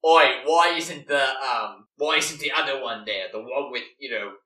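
A man's voice: mid-range voice, moderate pace, pushed and bright, recorded from a distance, natural voice. A man voicing a brash young rogue with a put-on Australian accent who bluntly fumbles for names, recorded roomy and off-mic.

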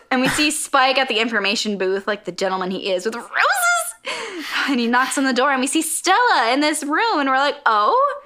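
A young woman co-hosts a casual podcast recap, playful and animated. Her voice sits fairly high and bright, and her pitch swings freely. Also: normal speed. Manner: animated and playful, acts out scenes. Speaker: podcast co-host. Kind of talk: casual chat recapping an anime.

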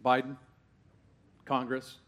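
A pastor delivers a sermon to a live church congregation in a mid-range, monotone voice, taking it slowly. He talks conversationally, asking plenty of questions and swinging from hushed asides up to loud, rising exclamations.

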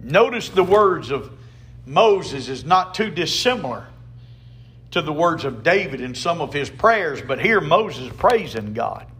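A man's voice: a little high, sing-song, a little slow, a bit bright, breathy edge. A man preaching a sermon as a pastor, emphatic, with call-and-response to the congregation.

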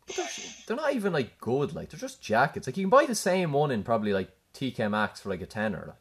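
A man's voice: medium pitch, big pitch swings, quick pace, slightly rough. A young Irish man hosting a casual chat with friends over a video call, swearing and laughing often. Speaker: host.

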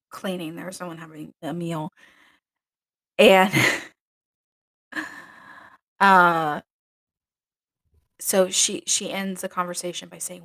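A woman's voice: lowish voice, fairly bright tone. A woman who was once a nun hosts a podcast and tells a personal story in a candid, emotional way, often correcting herself mid-sentence. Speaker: podcast host and former nun.

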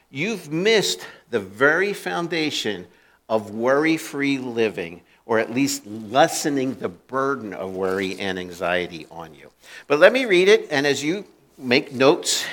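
A man's voice: medium pitch, fairly bright tone. A male pastor preaching a conversational sermon, acting out the voices he quotes and often restarting and repeating his words.

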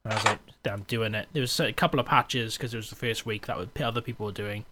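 A man co-hosting a podcast, chatty and quick to laugh in casual chat. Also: lowish voice, steady tone, pushed and bright. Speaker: podcast co-host.

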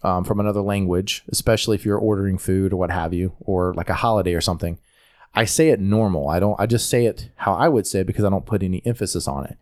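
A man's voice: deep voice, quick pace, a little mellow. A man from North Carolina with a Southern accent, talking casually on a podcast in a rambling way, often restarting his sentences. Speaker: podcast host. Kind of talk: casual chat.

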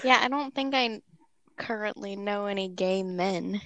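Slow-talking woman in wry chat. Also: medium pitch, a bit bright. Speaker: podcast co-host. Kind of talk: casual podcast chat.

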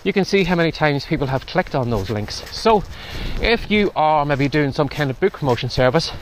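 Guy talking while walking into wind, a bit out of breath, slightly high voice, faint noise behind. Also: expressive, moderate pace. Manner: chatty, advisory. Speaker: podcast host. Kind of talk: casual walking vlog advice. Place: outdoors in strong wind and rain.

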